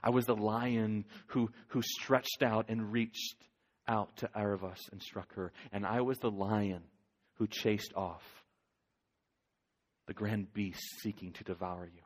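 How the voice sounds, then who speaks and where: A male preacher voicing a vast, solemn, all-knowing lion in a low, hushed, slow voice. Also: fairly even intonation, big-room sound. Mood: grave. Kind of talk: dramatic scripture storytelling.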